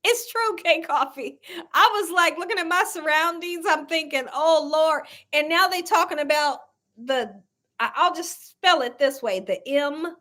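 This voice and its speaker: A woman hosts a casual cooking livestream in a high, sharp-toned voice, speaking a little slowly. She's chatty and laughs often while reading viewer comments aloud.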